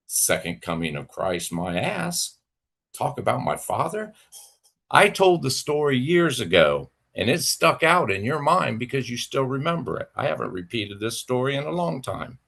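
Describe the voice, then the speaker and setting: A man's voice: medium pitch, big pitch swings, normal speed, creaky, a bit bright. A man on a livestream, ranting angrily and sarcastically at a rival, swearing freely and mocking him. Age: adult with children. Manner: profane, heated, sarcastic. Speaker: livestream host. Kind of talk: angry rant to a rival.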